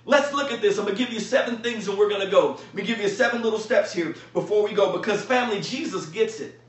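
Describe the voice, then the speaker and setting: A man preaching a sermon as pastor, fervent and calling out to his congregation, at times rising to shouts. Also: sits high, fast talker, distant mic. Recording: echoey room, voice from off-mic.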